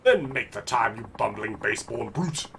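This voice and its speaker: A man's voice: mid-range voice, lively intonation, normal speed, vocal fry, a bit bright, slight background noise. A man voicing a pompous self-styled nobleman of thirty-five, who scorns others in grand, old-fashioned wording. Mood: haughty.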